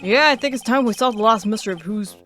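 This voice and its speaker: A woman's voice: a little high, quick pace, a bit bright, faint music behind, close to an everyday voice. A woman voicing an anxious young male defense lawyer, earnest and wry.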